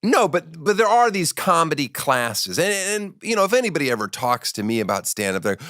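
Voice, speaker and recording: A man's voice: on the high side, sing-song, brisk, hardly any pauses, fairly bright tone, no echo, clean studio sound. A man in his forties hosting a podcast, telling stories in a rambling, profane, joking way. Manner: rambling, profane storytelling with restarts. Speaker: podcast host. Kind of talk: casual comedic chat.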